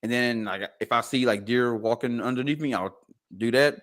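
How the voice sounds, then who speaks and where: A man's voice: mid-range voice, moderate pace, a bit bright. A man, cracking jokes and laughing in casual chat as a podcast co-host. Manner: laughing, joking asides.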